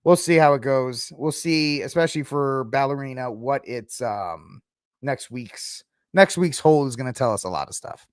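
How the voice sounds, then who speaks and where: A man's voice: medium pitch, moderate pace, dry recording, clean studio sound. A man hosting a podcast, talking casually and rambling through opinions, mocking and exasperated at times. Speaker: podcast host. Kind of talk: casual commentary.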